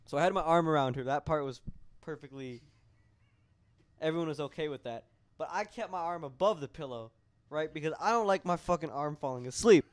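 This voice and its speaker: A man's voice: a little high, brisk. A young man on a casual podcast, telling his side of a story in a profane, emphatic, indignant way. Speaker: podcast guest.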